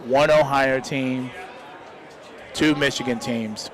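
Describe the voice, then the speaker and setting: A man's voice: mid-range voice, fairly even intonation, slow pace, a bit bright, a faint crowd, slight background noise. A young man giving casual live commentary on a stream, rambling and heartfelt, often adding "man" to his sentences.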